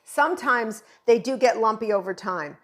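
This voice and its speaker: A woman's voice: on the high side, moderate pace, a bit bright. A middle-aged woman teaching a baking recipe in her kitchen, chatty and gushing with enthusiasm as she explains each step. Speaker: baking instructor. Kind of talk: home baking tutorial.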